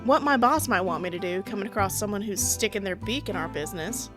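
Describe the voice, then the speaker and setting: A woman's voice: medium pitch, lively intonation, fast talker, over music, close to an everyday voice. A woman voicing a tough tomboy female outlaw who banters wryly in a light Southern drawl. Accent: put-on Southern US drawl. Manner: wry, teasing cowboy banter.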